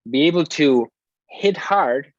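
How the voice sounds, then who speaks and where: A man hosting a casual discussion, hesitant and filling pauses with many fillers. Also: a little high, lively intonation, no echo. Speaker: host. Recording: dull dry lo-fi audio.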